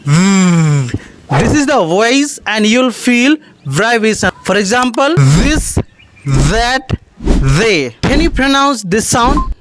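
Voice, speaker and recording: Woman, pronunciation teacher, very slow drills, animated pitch, noisy recording with clicks. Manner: slow, deliberate, repeats words for practice.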